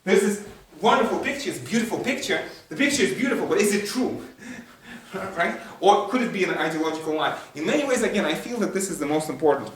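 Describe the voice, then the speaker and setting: A man's voice: high-pitched, expressive, quick pace, distant mic. A man giving a university lecture, thinking aloud with many fillers, restarts and rhetorical questions. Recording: echoey room, voice from afar.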